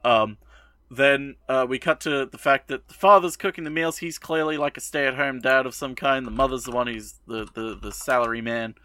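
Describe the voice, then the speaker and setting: Bright, dry-voiced young man recapping an anime. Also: medium pitch, steady tone, no room sound. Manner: rambling, profane, with quick snippets of mock dialogue. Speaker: podcast co-host. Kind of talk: casual commentary recapping an anime episode.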